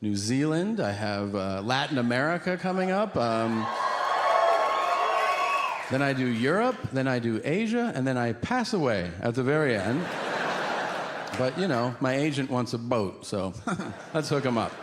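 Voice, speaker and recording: A man's voice: medium pitch, measured pace, long pauses. A middle-aged man doing a stand-up set for a live audience, telling stories and acting out both sides of each conversation. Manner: lively storytelling, acts out both sides of dialogue. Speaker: stand-up comedian. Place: comedy venue before a live audience. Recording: live hall recording with audience noise.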